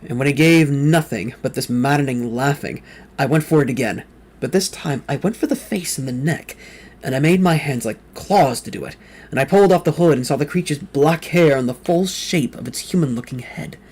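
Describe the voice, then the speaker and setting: A man's voice: medium pitch, moderate pace, husky. A man reading a novel aloud in the first person with dramatic intensity, sometimes slipping and correcting himself mid-sentence. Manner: reads with rising intensity, quoted lines shouted or whispered; occasional slips and self-corrections mid-sentence. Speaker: fan reader of a novel.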